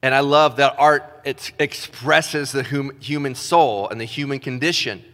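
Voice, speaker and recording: Pastor, male, casual self-deprecating sermon delivery, mid pitch, big reverberant hall. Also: a little slow, a bit bright. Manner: casual, self-deprecating, talks with his hands in filler words. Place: church stage.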